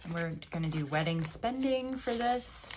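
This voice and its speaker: A woman's voice: lowish voice, lively intonation, normal speed, noisy background. A woman vlogger chatting casually and upbeat as she counts bills aloud, one by one. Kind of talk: casual chat while counting cash.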